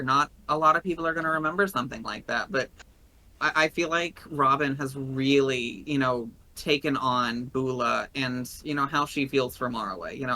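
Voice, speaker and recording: Brief: rambling, heartfelt Tennessee man, bright voice, casual podcast guest. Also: mid-range voice, poor audio. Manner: earnest, rambling, openly emotional. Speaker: guest player.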